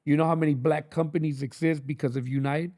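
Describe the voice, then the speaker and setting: Gravelly, emphatic man in casual talk. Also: on the high side, fairly even intonation, fast talker, darkish tone. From Los Angeles. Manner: swearing, slangy, emphatic street talk. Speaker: guest, record label founder. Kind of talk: casual podcast chat.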